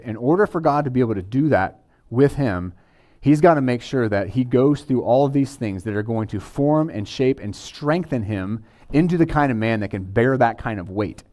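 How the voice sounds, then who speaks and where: A man's voice: medium pitch, a little mellow. A man preaching a sermon in a conversational way, with casual asides to the congregation. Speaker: pastor.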